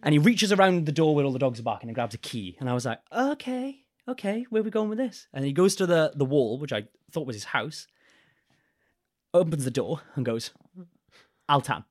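A young man, a podcast guest, telling a rowdy story in a casual, animated way with swearing. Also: mid-range voice, a little fast.

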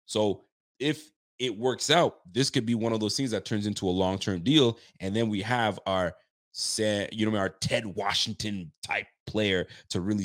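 Man, sports talk host, casual live-stream chat, repeats himself for emphasis, low voice, dry close sound. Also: dry recording. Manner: conversational, repeats phrases for emphasis.

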